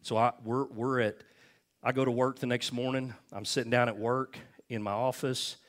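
A man's voice: mid-range voice, little pitch movement, moderate pace. A man preaching a sermon, telling personal stories and asking the congregation "amen?" and "okay?" as he goes. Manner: conversational preaching, frequent "amen?" and "okay?" asides, storytelling. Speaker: pastor.

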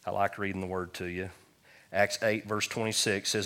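Bright-voiced man preaching a sermon. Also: lowish voice, moderate pace. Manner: animated storytelling with acted quotes. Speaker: pastor. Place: church service.

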